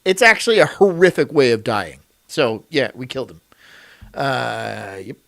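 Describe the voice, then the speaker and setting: A man's voice: mid-range voice, sing-song, normal speed, creaky, fairly bright tone, a little hiss or hum. A man streaming, chatting casually in a crude, rambling way and laughing often.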